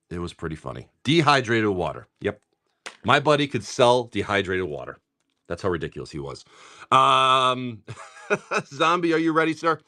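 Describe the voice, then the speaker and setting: A middle-aged man with a mid-range, sharp-toned voice hosts a live stream where he opens card packs. In casual chat, he rapidly rattles off card names and mixes in joking stories.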